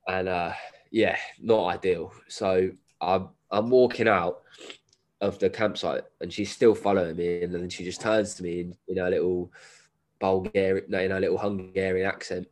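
Low-voiced bloke, podcast guest with a cold, laddish and sweary storyteller. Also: male voice, fairly even intonation, moderate pace, darkish tone. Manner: swearing, laddish slang, laughs while telling. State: has a cold. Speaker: guest, endurance runner. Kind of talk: casual storytelling.

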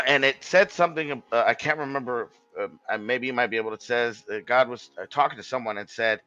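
A man's voice: mid-range voice, brisk, sharp tone, dry recording, lo-fi sound, soft background music. A man telling a long story in a casual podcast chat, rambling, swearing and restarting his sentences.

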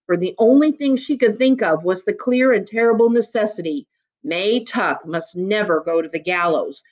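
A woman reading a novel chapter aloud in a measured, steady storytelling manner. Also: medium pitch, lo-fi sound. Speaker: reader.

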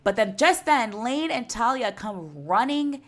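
A woman's voice: on the high side, unhurried. A woman co-hosting a podcast, retelling a film in a casual, laughing, profane chat. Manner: animated, laughing storyteller, swears freely. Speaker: podcast co-host.

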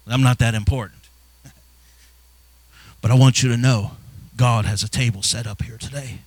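A male pastor preaching a sermon, building from soft, low passages into impassioned shouts. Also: fairly even intonation, normal speed, long pauses, dry recording.

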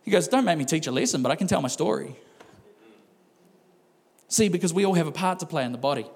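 High-voiced male pastor preaching. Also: animated, quick pace. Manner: conversational, laughing asides, acts out quoted voices. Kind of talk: sermon.

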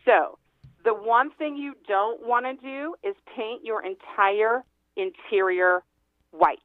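A woman's voice: fairly high pitch, takes it slowly, no room sound. A woman phoning in to a radio interview as a real estate agent guest. She talks in a chatty, emphatic way and laughs often. Her voice comes over a tinny phone line with a dry sound.

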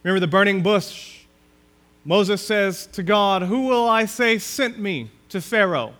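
A man with a notably high voice delivers a sermon as a pastor. He reads scripture slowly and deliberately, stressing key words before dropping to a hush. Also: expressive. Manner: preaching with strong emphasis, dropping to a hush on key phrases.

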